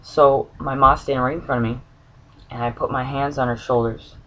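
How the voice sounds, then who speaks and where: A man's voice: mid-range voice, little pitch movement, moderate pace, bright, forceful tone, slight background noise, rough recording. A man telling a personal dream story to the camera, earnest and searching for words, with an occasional cough. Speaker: spiritual vlogger.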